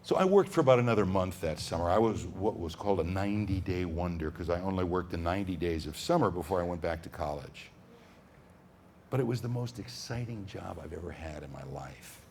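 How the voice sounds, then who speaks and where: A man telling stories to children at a school, dramatic and animated, swinging from whispers to booms. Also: fairly quick, gravelly, slight background noise. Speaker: storyteller. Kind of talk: storytelling to children.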